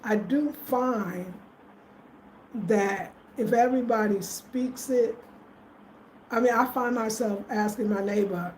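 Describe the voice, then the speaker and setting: A woman's voice: a little high, steady tone, unhurried, a little mellow. A middle-aged woman from the United States chatting casually with her livestream viewers, thanking them by name as she talks. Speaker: vlogger answering live chat. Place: rural home in Ghana. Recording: echoey room, faint ambient noise.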